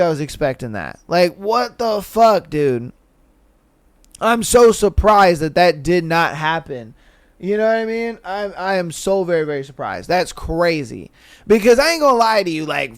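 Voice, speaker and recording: A slangy man hosts a podcast, chatting loosely and reacting to listener stories with a lot of swearing. His voice sits high and sounds smooth and clear, and the recording is dry and close. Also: no room sound. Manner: slangy, animated, swearing, laughs at his own jokes. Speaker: podcast host. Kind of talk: casual podcast chat reading listener stories.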